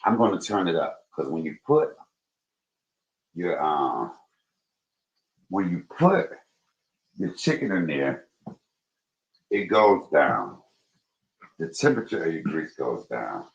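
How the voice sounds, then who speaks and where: A man chats to his livestream viewers while he cooks, calling them y'all. His voice sits very low but swings into sudden high, excited bursts. The sound is roomy and a little dull, like a home kitchen heard through a modest stream mic. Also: slow pace, creaky, pauses often. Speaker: livestream host cooking. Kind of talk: casual livestream cooking chat.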